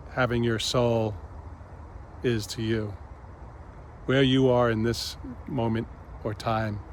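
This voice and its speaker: A man hosting his own reflective spiritual vlog, speaking gently and pausing often. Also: mid-range voice, a little hiss or hum. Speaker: channel host.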